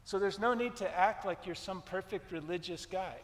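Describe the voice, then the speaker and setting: High-voiced preacher in a reverberant hall. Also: male voice, normal speed. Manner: emphatic preaching, repeats key lines, retells scripture scenes. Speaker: pastor. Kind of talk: sermon. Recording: long reverb from a large hall.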